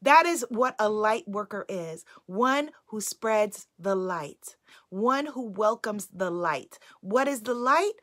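A woman's voice: medium pitch, expressive, takes it slowly, fairly bright tone. A woman hosting a live-streamed inspirational self-care talk from home, affirming and repeating her key phrases in an uplifting way.

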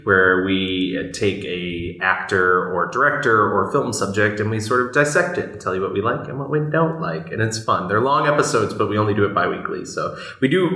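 Bright-voiced man in a roomy echo. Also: fairly low pitch. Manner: laughs often, teasing. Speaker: podcast guest. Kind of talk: casual podcast chat.

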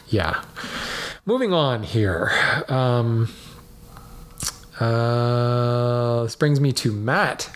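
A man's voice: mid-range voice, breathy edge. A man hosting a podcast, answering listener mail in a chatty way that often wanders off on side tangents. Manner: rambling, digressive, chatty. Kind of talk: casual podcast talk.

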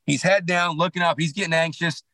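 A man being interviewed on a podcast, telling a hunting story in a rambling, animated way with many restarts and asides. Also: a little high, a little fast, dry recording, poor audio. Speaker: podcast guest, clothing company founder.

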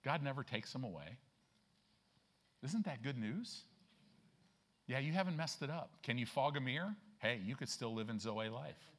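A male pastor delivering a church sermon in a folksy, conversational way. He keeps checking in with his listeners and leans hard on key lines, slowing down and rising in pitch as he drives them home. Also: lively intonation. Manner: folksy, emphatic preaching with frequent "right?" checks; slows and rises in pitch and volume to stress scripture.

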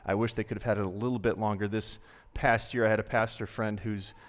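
A male pastor giving a sermon in a church, speaking earnestly and conversationally with dramatic pauses. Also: on the low side, flat delivery. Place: church sanctuary. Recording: long reverb from a large hall.

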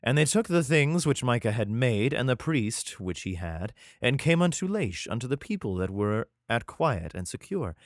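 A man's voice: mid-range voice, big pitch swings, moderate pace, few pauses, no room sound, clean studio sound. Man reading scripture with sarcastic asides. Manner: irreverent, sarcastic profane asides. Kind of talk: reading scripture aloud with comedic commentary.

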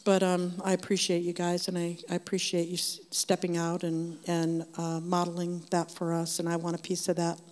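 An older woman with a low voice shares a faith testimony with her church group. She tells it earnestly and conversationally, with the long reverb of a large hall behind her words. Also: completely flat delivery, normal speed, hardly any pauses, a little mellow. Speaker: member of a church group sharing.

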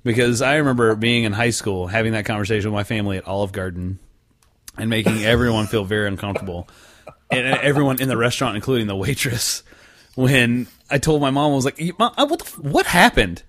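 A man's voice: lowish voice, fairly even intonation, fast, a bit bright. A young man hosting a podcast, chatting casually in a rambling, profane, joking way. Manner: rambling, profane, jokey storyteller. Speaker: podcast host.

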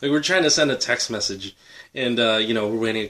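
A man's voice: medium pitch, quick pace, bright, forceful tone. A man co-hosting a podcast, chatting casually and reminiscing with frequent chuckles. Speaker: podcast co-host.

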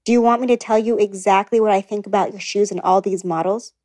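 A woman voicing a frank, somewhat patronizing male executive in an audiobook. The lines are delivered plainly at a middle pitch, with little change from a narrator's reading voice. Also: fairly even intonation, fast talker, darkish tone, lightly acted. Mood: blunt. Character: blunt middle-aged male business executive.

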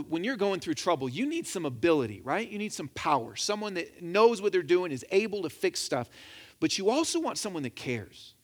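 A man's voice: sits high, slightly rough. A man preaching a sermon in a conversational, joking way, acting out little quotes as he goes. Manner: animated, conversational with jokes and acted quotes. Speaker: pastor.

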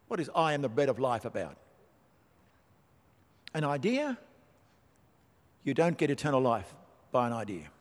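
Emphatic preacher in a reverberant hall. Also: male voice, on the high side. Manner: emphatic, rhetorical questions, dry asides. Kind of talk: sermon.

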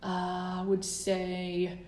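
Woman in her forties, a guest author telling her story, lively and expressive, in an echoey room. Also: lowish voice, very slow. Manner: animated storyteller, acts out quoted letters. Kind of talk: casual storytelling interview. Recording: roomy echo.

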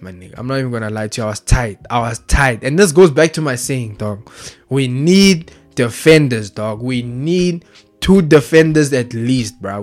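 A young man rants casually about football, excitable and slang-heavy, tagging nearly every phrase with street slang. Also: medium pitch. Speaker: vlogger.

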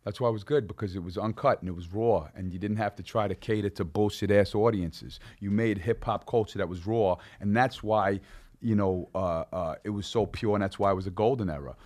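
New York man, low-pitched, argumentative, stammering, heated casual debate. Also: a little fast, darkish tone. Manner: argumentative, interrupts, stammers and restarts. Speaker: rapper guest.

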